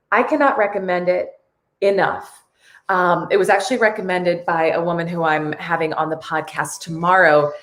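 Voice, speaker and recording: A woman's voice: lowish voice, reverberant. A woman hosting a casual live stream, earnest and tearful, reading viewer comments aloud.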